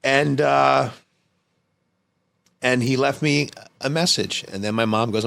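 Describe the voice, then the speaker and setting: A man's voice: mid-range voice, slow pace, gravelly, fairly bright tone. A man, a filmmaker guest on a podcast, telling a personal story in a casual, rambling, profane way.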